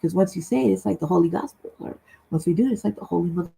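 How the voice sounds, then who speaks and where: A woman with a gravelly, husky voice joins a livestream talk show over a remote streaming call. She talks in a casual, heated way, blunt and full of profanity, and keeps tagging her points with "right?". Her tone sits low and mellow. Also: racing, low-quality recording.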